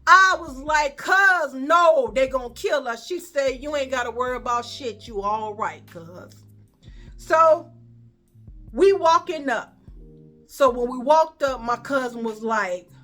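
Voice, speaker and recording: High, bright Chicago woman telling stories. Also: unhurried, faint music behind. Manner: animated, profane, acts out quoted dialogue. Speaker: storyteller. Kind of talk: casual storytime vlog.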